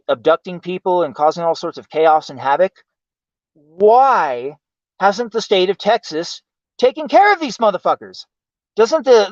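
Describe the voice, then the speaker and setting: A man's voice: high-pitched, dry recording. A man hosting a livestream, ranting with exasperation and heavy profanity and asking why again and again. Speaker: livestream host. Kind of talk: ranting commentary. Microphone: home streaming mic. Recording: dull lo-fi stream audio.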